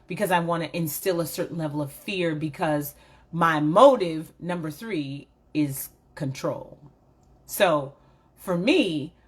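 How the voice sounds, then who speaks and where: A woman's voice: lowish voice, fairly bright tone, breathy edge. A woman giving a candid, reflective motivational talk, speaking emphatically and straight to her viewers. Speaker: motivational vlogger.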